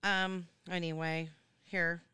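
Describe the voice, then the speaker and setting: A woman's voice: fairly low pitch, flat delivery, takes it slowly, sharp tone, clean tone, no echo. A woman hosting a reality-show recap, chatting casually in a gossipy, digressive way. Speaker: recap host.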